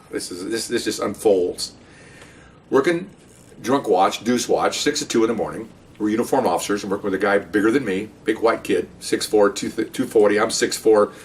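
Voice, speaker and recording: A middle-aged man, a former police officer, telling a story from his patrol days in a casual, animated way, talking to his listeners. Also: medium pitch, recorded from a distance. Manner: conversational, animated, asides to listeners.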